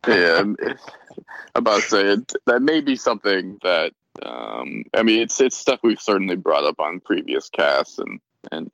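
Brief: very low, gravelly male co-host, lively pitch, dry close lo-fi sound. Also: no echo. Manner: hesitant, lots of fillers. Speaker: podcast co-host. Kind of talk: casual podcast discussion.

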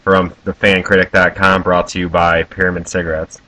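Male guest, low voice with a bright edge, relaxed and chuckling. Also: fairly quick, far from the mic. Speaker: podcast guest. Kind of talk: casual chat.

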